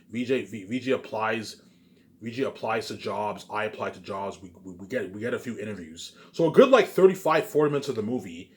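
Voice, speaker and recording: A man pitching his movie ideas in a rambling, casual monologue, stumbling over restarts, repeating stock phrases and swearing now and then. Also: slight background noise. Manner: repetitive, stumbling restarts, keeps saying "you know what I'm saying" and "obviously".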